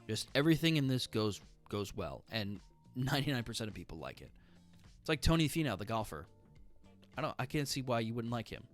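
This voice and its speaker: A man casually reviewing books he has read, chatty and enthusiastic, with many fillers. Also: mid-range voice. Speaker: book reviewer.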